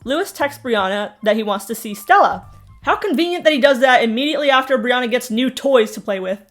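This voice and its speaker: Young woman, fairly high voice, sarcastic recap host, mocking asides, faint music behind. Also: lively intonation, fairly quick. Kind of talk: snarky reality-show recap commentary.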